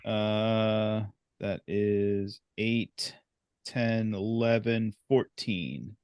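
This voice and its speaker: A man's voice: fairly low pitch, fairly even intonation, extremely slow, darkish tone, smooth, no echo, clean studio sound. A man hosting a podcast, playing a tabletop game and counting out dice rolls aloud. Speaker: podcast host and player. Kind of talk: casual tabletop play.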